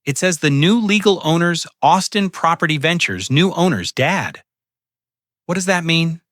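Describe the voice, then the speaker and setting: Picture a panicked grown daughter, shrieking and pleading in a raised, sharp storybook voice, as a man narrating puts her on. The dry, close sound keeps every cry right up front. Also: a little high, lively intonation, measured pace, no echo, voice pushed up. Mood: stunned.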